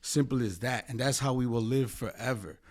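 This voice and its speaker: Speaking fairly quickly at medium pitch, an American man appearing as a guest attorney on a podcast rambles passionately through casual conversation. He swears heavily and fills his speech with fillers.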